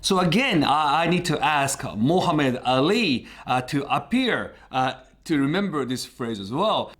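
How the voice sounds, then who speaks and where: Lively-voiced Japanese man teaching a phrase. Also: a little high. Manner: halting, pauses often mid-sentence. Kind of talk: casual vlog lesson.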